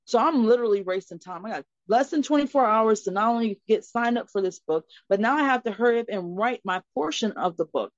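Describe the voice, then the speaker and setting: A woman guest on a podcast, telling a personal story in an earnest, expressive way. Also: fairly high pitch, a little fast, hardly any pauses, no echo. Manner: earnest and expressive, acting out dialogue in her story. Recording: slightly muffled, dry recording.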